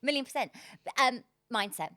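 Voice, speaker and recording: A woman tells her story on a podcast, animated and quick to laugh. Her voice is bright and a little high. It sounds dry and close, with no room echo. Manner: animated and expressive, laughs often. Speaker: podcast guest. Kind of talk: casual conversational storytelling.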